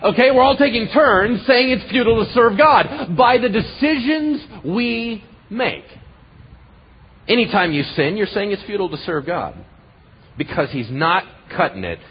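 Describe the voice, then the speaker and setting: A man pastor preaching a sermon in a conversational way, swinging from loud bursts to hushed asides, on a dull lo-fi recording. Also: high voice, animated, a little slow, a little hiss or hum.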